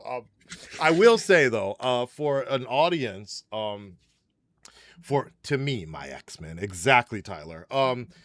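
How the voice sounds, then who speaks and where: A man's voice: mid-range voice, expressive, takes it slowly, dry recording, clean studio sound. A man from Japan chatting casually about a superhero film, rambling with lots of fillers and restarts. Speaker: livestream panelist. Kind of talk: casual movie spoiler chat.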